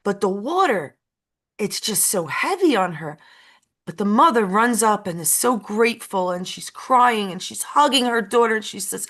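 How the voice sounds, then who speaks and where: A woman's voice: medium pitch, lively intonation, measured pace, fairly bright tone. A woman co-hosting a casual chat who tells a story with emotional repetition and an uneven pace. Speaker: co-host.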